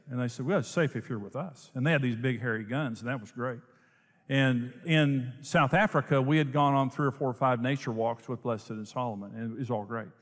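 A man preaching a sermon, telling a story in an animated way and laughing often. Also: medium pitch. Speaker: pastor. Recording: long hall reverb.

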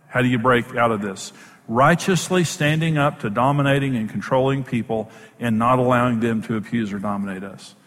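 A man's voice: medium pitch, a bit bright, in a large hall. A man who is a Bible teacher and program host, giving an emphatic, plain-spoken sermon-style teaching in numbered points.

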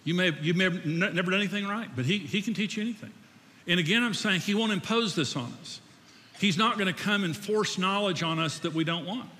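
Preaching in an echoey church hall, this older man speaks fast in a high, pushed, bright voice. His sermon feels like a chat, full of questions to the congregation and jokes at his own expense.

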